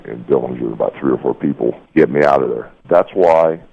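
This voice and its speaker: Man, middle-aged, very deep voice, husky, tinny phone line, heated, profane. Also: brisk. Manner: heated, profane storytelling with "brother". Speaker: guest. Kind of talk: casual phone interview.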